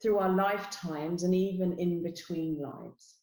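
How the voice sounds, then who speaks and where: A woman's voice: fairly low pitch, measured pace, warm tone, reverberant, poor audio. A middle-aged woman with a London accent, explaining her spiritual work earnestly as an interview guest, with many "you know" asides.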